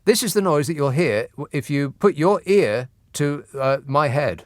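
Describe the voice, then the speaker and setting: A man's voice: on the high side, expressive, moderate pace, few pauses, no room sound. A man hosting a radio phone-in, talking in a dry, sardonic way. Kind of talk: late-night radio talk.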